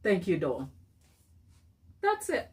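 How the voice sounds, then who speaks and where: A woman's voice: on the low side, huge pitch swings, slow, noisy background. A chatty woman hosts a casual baking live stream, talking through her ideas as she works. She reads out viewer comments and laughs often. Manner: thinks aloud while working. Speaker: cake baker hosting a live stream.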